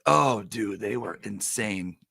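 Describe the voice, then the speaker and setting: A man hosting a casual livestream, reading viewer comments and telling stories in an animated way. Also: fairly low pitch, slow, creaky, no room sound. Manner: animated storyteller, reads viewer comments aloud. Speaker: live stream host.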